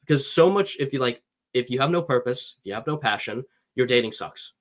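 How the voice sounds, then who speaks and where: A man giving dating advice as a coach in a casual podcast chat, animated, acting out quotes and swearing casually. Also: medium pitch, fairly quick.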